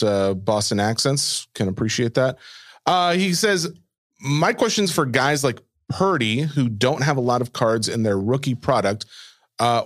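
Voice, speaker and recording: A man's voice: medium pitch, dry recording. Casual male co-host, easygoing mailbag reader, dry close sound. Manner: relaxed, reads listener questions with filler pauses. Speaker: podcast co-host reading mailbag. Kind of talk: casual chat.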